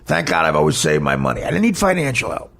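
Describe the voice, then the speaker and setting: A man's voice: medium pitch, wildly swooping pitch, fast talker, vocal fry, a bit bright. A man hosting a podcast, telling a candid personal story in a blunt, profane, rambling way. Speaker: podcast host.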